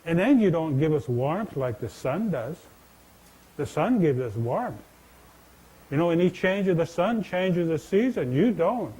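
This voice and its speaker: A man voicing a quick-tempered male frog who hollers back defiantly in a storytelling talk. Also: fairly high pitch, big pitch swings, warm tone, breathy edge, full character voice, rough recording. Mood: defiant scolding.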